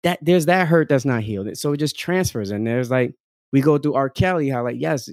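A man's voice: mid-range voice, fairly quick, a little mellow, no room sound, clean studio sound. A man in casual conversation, talking openly and animatedly, full of fillers, often acting out other people's voices and laughing. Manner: frequent fillers like "like" and "um".

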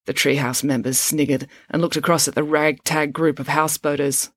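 A woman reading a children's chapter book aloud in an expressive storytelling voice, close to the microphone. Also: low-pitched, moderate pace, hardly any pauses, no echo. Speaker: audiobook reader.

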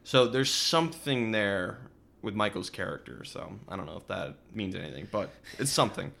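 A man with a somewhat low voice hosts a casual podcast chat. He walks through a film's plot scene by scene. He briefly acts out what the characters say. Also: sing-song, normal speed, creaky, fairly bright tone. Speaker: podcast co-host. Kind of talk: casual movie recap chat.

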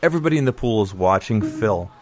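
A man's voice: mid-range voice, moderate pace. A middle-aged man telling a childhood story in a conversational, wry, nostalgic way. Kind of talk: personal storytelling.

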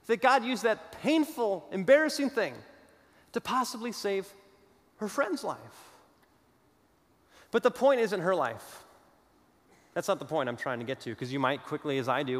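Male pastor, high voice, storytelling sermon, dramatic pauses, long reverb. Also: animated. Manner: storytelling, dramatic pauses, shifts between loud and hushed.

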